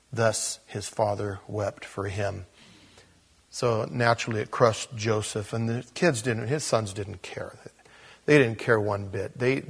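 A pastor teaches the Bible conversationally, reading scripture and tossing in chatty asides where he acts out little quotes and chuckles at himself. His voice is lowish, gravelly and slightly rough.

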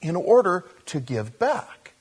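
Man, pastor preaching, husky voice, slightly higher pitch. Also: slow. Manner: conversational preaching, animated bursts. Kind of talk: sermon.

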